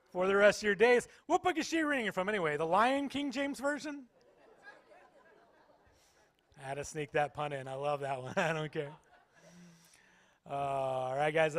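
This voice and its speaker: A man's voice: high-pitched, a bit bright. A man doing stand-up comedy at a church, playfully teasing the audience. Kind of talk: stand-up comedy with crowd work. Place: church stage.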